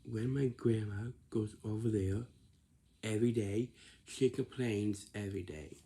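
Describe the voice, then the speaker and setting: A man's voice: on the low side, a little slow, dark tone, breathy edge. A man telling a casual, rambling story, often stopping to repeat and correct himself.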